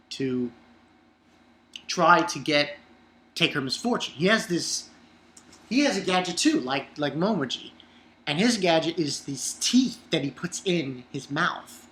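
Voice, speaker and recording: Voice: mid-range voice, lively intonation, a little slow, a bit bright. An anime reviewer recapping an episode in a rambling, casual way, swearing and using lots of fillers. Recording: roomy echo.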